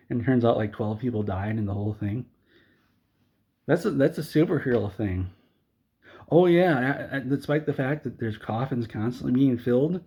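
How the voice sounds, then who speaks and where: A man's voice: mid-range voice, breathy edge, muffled recording. A man delivering an exasperated comedic movie rant, stumbling over and repeating his words. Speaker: video creator.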